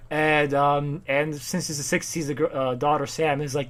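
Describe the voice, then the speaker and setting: A man's voice: a little high, fairly even intonation, normal speed. A man casually retelling a comic plot on a podcast, often jumping into silly character voices and swearing. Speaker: podcast co-host recapping comics. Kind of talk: casual chat.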